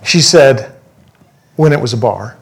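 A pastor telling a personal story in a sermon, animated and self-deprecating, with some humor. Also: male voice, medium pitch, measured pace, vocal fry, slightly rough.

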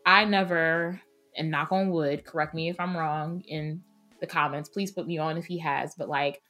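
Low-voiced opinionated podcast host woman. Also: moderate pace, soft background music. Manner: emphatic, opinionated, animated. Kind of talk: casual roundtable chat.

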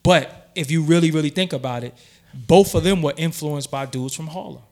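A man's voice: a little high, brisk, a little mellow. Blunt, cursing New man. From Brooklyn, New York. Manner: blunt, profane storytelling. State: has been drinking. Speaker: podcast co-host. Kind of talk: casual chat.

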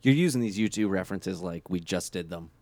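A man co-hosting a casual podcast, dropping dry deadpan jokes. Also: deep voice, fairly quick, no room sound. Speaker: podcast co-host.

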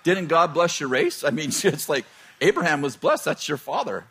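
Man, pastor, middle-aged, husky voice, chatty sermon storytelling, laughs at his own jokes. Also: fairly high pitch, big pitch swings, normal speed, pushed and bright.

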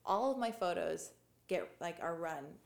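A woman's voice: on the low side, animated, measured pace, vocal fry, echoey room. A woman with a slight lisp telling a long personal story as a guest, chatty and full of "like" fillers. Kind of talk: casual interview storytelling.

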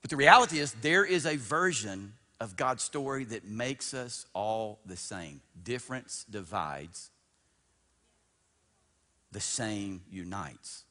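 A man in his fifties, a pastor preaching a sermon, swinging between loud emphatic bursts and hushed storytelling and repeating words as he builds up. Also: lowish voice, lively intonation, slow pace. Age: 50s. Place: church sanctuary. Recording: long church-hall reverb.

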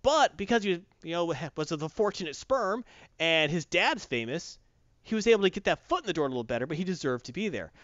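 Animated high-pitched man ranting about comics. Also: fairly quick, no echo. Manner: blunt and profane, mocking, animated. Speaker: comic book reviewer. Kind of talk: casual opinionated review chat. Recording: dull dry close-mic sound.

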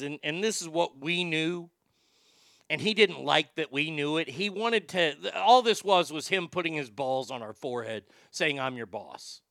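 A man telling stories in a casual livestream as a former radio host, animated, swearing freely and reading out viewer comments. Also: fairly high pitch, creaky, clear, resonant tone, no room sound, clean studio sound.

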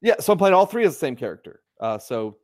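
A man's voice: a little high, sing-song, quick pace, no echo, studio quality. A man co-hosting a casual chat over a video call, rambling through fillers and restarts. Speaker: podcast co-host.

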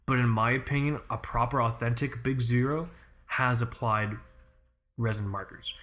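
A male podcast host explains things in a loose, rambling way, peppered with fillers and swearing. His voice sits at a mid pitch and sounds relaxed and conversational. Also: normal speed. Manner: rambling and swearing, heavy use of "like" and "you know". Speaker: podcast host and Soviet watch expert. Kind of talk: casual podcast chat.

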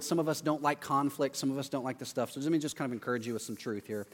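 Man, pastor, conversational sermon, animated quoted yelps, long hall echo. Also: mid-range voice, rapid-fire, hardly any pauses. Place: church auditorium. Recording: long hall reverb, faint music.

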